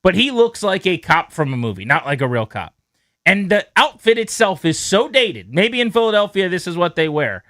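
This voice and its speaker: Bright-voiced man telling a story on radio. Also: sits high, normal speed, no room sound, clean studio sound. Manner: animated storyteller, acts out quotes. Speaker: radio show host. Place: radio studio. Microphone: studio mic.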